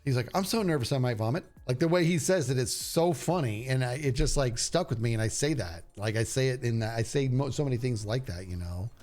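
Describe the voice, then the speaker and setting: A middle-aged streamer talks briskly with few pauses in a medium-pitched, somewhat dark voice. He chats casually with viewers, excitedly rambling about beloved shows and stopping himself partway through thoughts, with faint music in the background.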